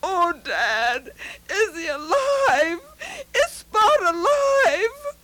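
Woman putting on a young boy, high voice, excited, tearful, storybook. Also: takes it slowly, heavily acted. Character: eager young boy who loves his dog.

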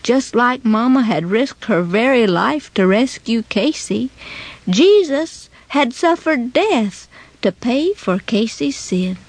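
A woman narrating a children's moral story in a dramatic, expressive way. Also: fairly high pitch, slow, no room sound.

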